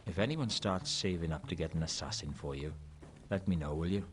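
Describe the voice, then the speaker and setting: A man's voice: low-pitched, fairly quick, natural voice. An actor playing a bitter, surly male informant in a video game, curt and resentful. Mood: irritated. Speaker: game character.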